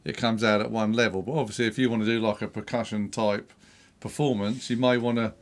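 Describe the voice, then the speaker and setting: A man co-hosting a casual gear demo, explaining settings calmly. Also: fairly low pitch, brisk. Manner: calm, explanatory. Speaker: co-host.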